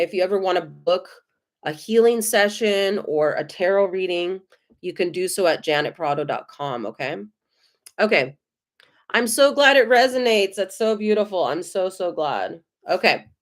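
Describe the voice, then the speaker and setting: A woman with an American accent giving tarot readings on a live stream, gentle, effusive and reassuring. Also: fairly low pitch. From United States. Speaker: tarot reader.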